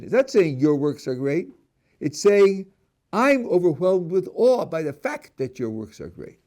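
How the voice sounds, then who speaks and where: Animated, mellow-voiced male rabbi lecturing. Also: a little high. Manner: explains step by step, asks students questions, restarts words. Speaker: rabbi teaching a class. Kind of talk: lecture on prayer.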